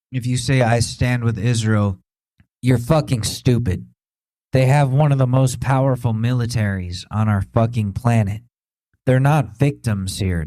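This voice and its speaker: A man's voice: medium pitch, mellow, dry recording, low-quality recording. An American man in his thirties hosting a podcast, ranting with heated, profane indignation. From United States. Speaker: podcast host. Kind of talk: opinion rant.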